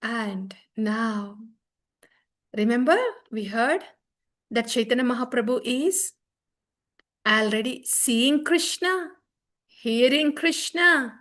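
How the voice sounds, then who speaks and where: A middle-aged woman giving a devotional scripture class, telling the story with animated, acted-out quotes. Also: a little high, slow pace, pauses often. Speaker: spiritual teacher.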